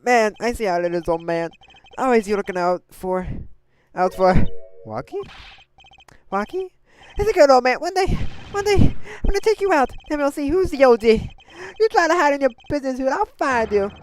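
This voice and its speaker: A woman voicing a brash, loud young male street punk with a taunting swagger. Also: lowish voice, measured pace, clear, resonant tone, close to an everyday voice.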